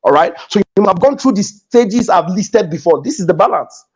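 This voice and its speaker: Man, Nigerian English accent, high-pitched, emphatic motivational coach, repeats key lines, studio guest. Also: expressive, moderate pace, breathy edge. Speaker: guest speaker, business coach. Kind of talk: motivational talk in a studio interview. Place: podcast studio.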